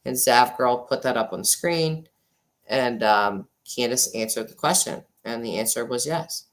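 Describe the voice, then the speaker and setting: A woman in her 40s speaks a little slowly in a rumbling low voice while hosting a laid-back livestream chat. Chatty and grateful toward viewers, she swings from excited to subdued, using a desk mic that sometimes glitches.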